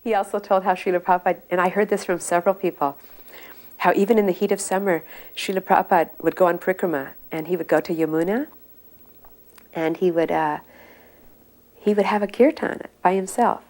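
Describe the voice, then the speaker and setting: A woman devotee recounting memories in relaxed, meandering anecdotes. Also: lowish voice, a little fast.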